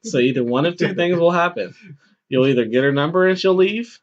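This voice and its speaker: A man's voice: on the high side, lively intonation, a little fast. A married man co-hosting a podcast, joking in laid-back casual chat. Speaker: podcast co-host. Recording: dull lo-fi sound.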